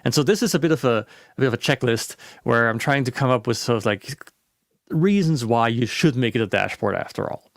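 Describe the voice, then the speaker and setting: A man presenting a webinar talk in a relaxed, conversational way, with frequent restarts and fillers. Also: medium pitch, brisk, creaky, no room sound, clean studio sound.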